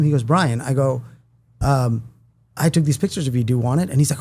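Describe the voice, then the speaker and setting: A man's voice: fairly high pitch, quick pace, vocal fry, mellow. A middle-aged man, a film producer and director, telling a long story in casual chat and acting out the dialogue of the people in it.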